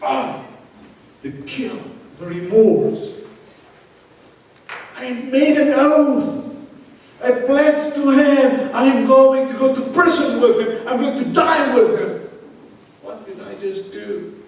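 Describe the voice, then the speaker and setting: A guilt-wracked disciple cries out in a raised, strained, high voice, as a preacher acts him out. The sound rings through a big echoey space. It is heard from a distance with faint noise behind. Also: male voice, flat delivery, measured pace, gravelly, full character voice. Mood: anguished. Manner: loud, anguished, self-reproaching. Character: guilt-stricken male disciple Peter, anguished. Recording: echoey hall from far off.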